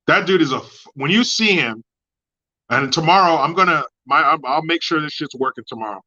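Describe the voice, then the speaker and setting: A man hosting a livestream, ranting in crude commentary and reading chat, with mocking jabs that swing from loud outbursts to low mutters. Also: lively intonation, fairly quick, dull audio. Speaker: livestream host.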